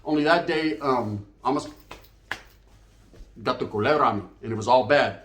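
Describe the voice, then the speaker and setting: A man's voice: mid-range voice, normal speed, a bit bright, a little hiss or hum. A man telling a comic story in a rambling, slang-heavy way, often checking in with "right?". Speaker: storyteller host. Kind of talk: comic bedtime story monologue. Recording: echoey room.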